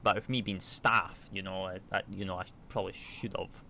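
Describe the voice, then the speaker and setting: A man with a lowish voice chats casually with his viewers as he works through a flight simulator. He reads checklist figures aloud between relaxed remarks, with faint noise behind him. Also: normal speed, vocal fry. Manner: chatty, reads checklist numbers and answers chat aloud. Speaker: flight sim streamer. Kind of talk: casual chat while flying a simulator.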